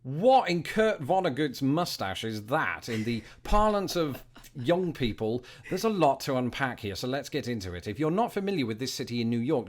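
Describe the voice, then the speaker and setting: A British man in his thirties giving scripted, dryly humorous narration. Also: medium pitch. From Britain. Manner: wry, dry, wordy humor. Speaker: video narrator.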